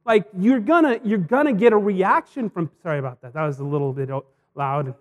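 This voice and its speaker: High-voiced man preaching conversationally. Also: fairly quick. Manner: conversational, anecdotal preaching with frequent "right?" asides. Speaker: pastor. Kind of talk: sermon.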